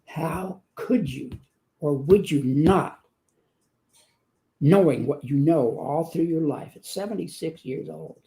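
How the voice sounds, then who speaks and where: A man in his seventies, a guest giving an earnest faith testimony and telling a joke, with slow emphatic phrasing. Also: fairly high pitch, gravelly, dark tone. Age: 70s.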